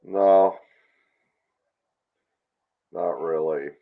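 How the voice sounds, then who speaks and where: A man with a very deep voice joins a livestream over a video call, answering in short, laid-back replies. He talks slowly, and the call audio sounds thin and phone-like. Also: creaky. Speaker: guest on the stream. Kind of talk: casual chat.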